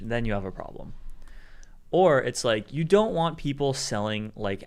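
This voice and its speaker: A man co-hosting a live tech news show, calmly laying out arguments with examples in a casual commentary style. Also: medium pitch, clear, resonant tone. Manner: explanatory, builds arguments with examples. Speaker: co-host.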